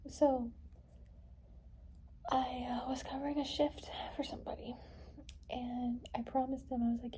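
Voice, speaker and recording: A young adult woman speaks in a high voice with little pitch movement, a little slowly and with long pauses, over background noise. In her casual personal vlog she rambles with lots of "like" and "you know," trying to hold back tears.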